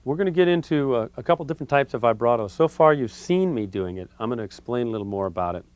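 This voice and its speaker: A man giving a relaxed, conversational harmonica lesson, explaining technique step by step with frequent fillers. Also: mid-range voice, quick pace, smooth, dry recording. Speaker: harmonica teacher. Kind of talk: instructional video lesson.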